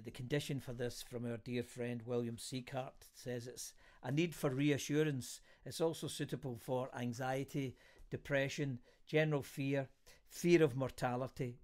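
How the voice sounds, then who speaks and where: Slow-spoken reflective man reading poetry. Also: mid-range voice. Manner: slow, reflective, soft-spoken with hesitant fillers; self-deprecating. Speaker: vlogger. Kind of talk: casual chat and reading poetry aloud.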